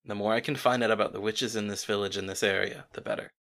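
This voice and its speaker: A man voicing a ruthless witch hunter who speaks low and quiet with cold menace. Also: steady tone, fast talker, vocal fry. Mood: menacing.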